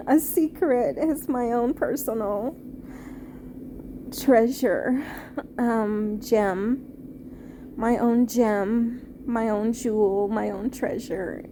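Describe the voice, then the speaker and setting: A woman and former teacher reviewing a film off the cuff, halting and heartfelt, with many fillers and restarts. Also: on the high side, background noise. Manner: tender, heartfelt.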